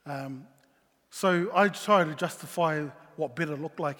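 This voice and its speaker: A middle-aged man shares a story from his own life as a father. He talks earnestly and haltingly, restarting his sentences often. His voice sits a little high, and a long hall reverb trails after his words. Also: fairly bright tone. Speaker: father sharing a personal story. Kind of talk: personal testimony talk.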